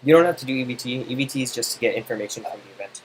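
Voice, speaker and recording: A man tutoring someone in code, impatient and teasing, explaining in quick exasperated bursts. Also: medium pitch, slight background noise, low-quality recording. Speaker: coding tutor. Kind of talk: casual screen-side coding help.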